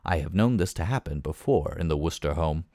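A man reading a comic novel aloud, lively and expressive in his storytelling. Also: extremely low pitch, brisk, dry recording, clean studio sound. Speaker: reader.

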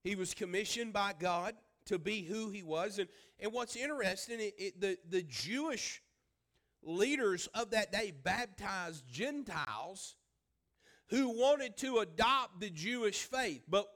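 A man's voice: sits high, lively intonation, measured pace, fairly bright tone. A man preaching a sermon as pastor. He speaks emphatically, repeats his phrases and asks the congregation questions.

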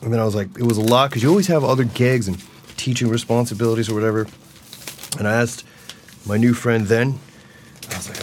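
A man's voice: medium pitch, brisk, slight background noise. A man hosting a casual solo podcast, talking in a rambling, enthusiastic way and laughing often, from a practice room. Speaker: musician and podcast host.

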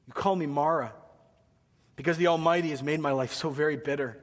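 A man voicing a grieving, bitter older woman who complains loudly and accuses. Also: on the high side, fairly quick, big-room sound, natural voice. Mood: bitter lament.

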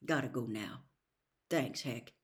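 A woman voicing a steady middle-aged father who speaks in clipped, firm, controlled sentences. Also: extremely low pitch, takes it slowly, voice pushed down. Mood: urgent.

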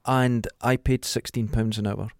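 Agreeable Dundee man, mild Scottish accent, mid-pitched, chatty, dry sound. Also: steady tone, unhurried, darkish tone, no room sound. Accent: light Dundee Scottish. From Dundee, Scotland. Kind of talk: casual chat.

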